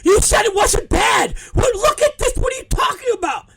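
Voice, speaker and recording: A man's voice: expressive, moderate pace, vocal fry, fairly bright tone, exaggerated voice. A man voicing a panicked, injured young woman wrestler who is frantic and shrieking. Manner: shrieking, frantic, high-pitched.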